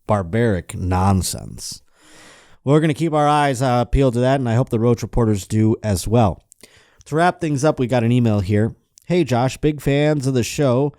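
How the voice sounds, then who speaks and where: A male podcast host riffing sardonically and profanely while reading news articles aloud, running low on energy. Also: moderate pace, warm tone, no room sound, studio quality. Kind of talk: casual comedic podcast chat.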